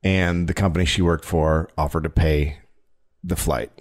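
A man hosting a comedy podcast, telling a true story with a deadpan, sarcastic delivery. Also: rumbling low, moderate pace. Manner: deadpan storyteller who mock-defends the lie with sarcasm.

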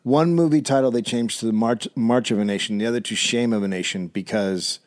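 A man's voice: mid-range voice, fairly quick. A man hosting a comedy podcast, reading old newspaper stories aloud and breaking off with wry comments. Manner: reads aloud with wry asides. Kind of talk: reading aloud and casual chat.

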